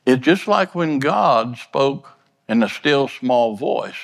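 A man's voice: medium pitch, lively intonation, takes it slowly, vocal fry, big-room sound. A man preaching a sermon in a plainspoken, folksy way, earnestly repeating and stumbling over words.

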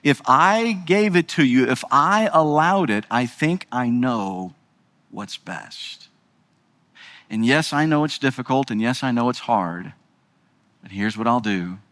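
A calm, gentle God spoken by a man in a sermon answers in a low, hushed voice. The words come slowly and softly, soothing and unhurried. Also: dry recording. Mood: reassuring.

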